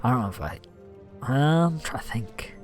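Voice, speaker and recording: Young male streamer, lively casual chat, soft music under. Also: mid-range voice, a little slow. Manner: chatty, reads out gift thanks, animated. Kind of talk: casual gaming livestream chat.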